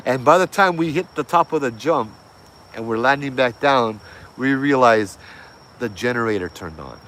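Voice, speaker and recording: A man casually retelling a ghost hunting story, loose and animated, full of slang and fillers. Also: medium pitch, a little slow, pauses often, a little hiss or hum. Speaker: host telling a ghost story.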